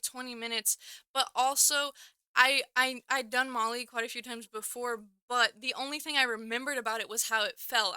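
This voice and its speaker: Bright, clear young woman rambling a story. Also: a little high, no echo. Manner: rambling, filler-heavy, with many "like"s and self-corrections. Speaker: storyteller vlogger. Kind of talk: casual storytime.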